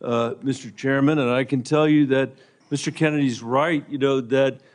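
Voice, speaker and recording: A man's voice: mid-range voice, fairly even intonation, moderate pace. A man, a senator, questioning a nominee at a hearing in a pointed, insistent yes-or-no manner.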